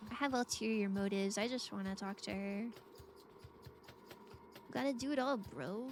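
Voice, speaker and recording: A woman's voice: medium pitch, normal speed, noisy background. A woman streaming a game, chatting casually with viewers in a playful, giggly way. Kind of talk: casual gameplay chat.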